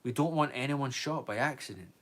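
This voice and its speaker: A man voicing a calm, steely Jedi master who speaks low, soft and measured, read as a storybook scene. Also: close to an everyday voice. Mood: gentle.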